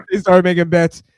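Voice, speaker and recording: A man's voice: sits high, darkish tone, clean tone, dry recording. A man with a slightly raised voice chimes in with teasing remarks and frequent laughter. The sound is dry and close, with no room ring. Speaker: podcast co-host. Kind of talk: casual chat.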